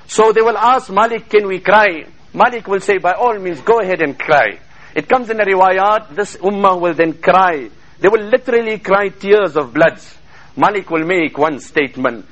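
Fast, high-voiced fervent male preacher. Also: lively intonation, a bit bright, rough recording. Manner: fervent, chants Arabic verses between English. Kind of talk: sermon. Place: mosque.

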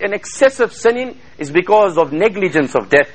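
High-voiced fast-talking male preacher. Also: lively intonation, poor audio. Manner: fervent, quotes Arabic in rapid chanted bursts. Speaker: Islamic preacher. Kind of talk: sermon.

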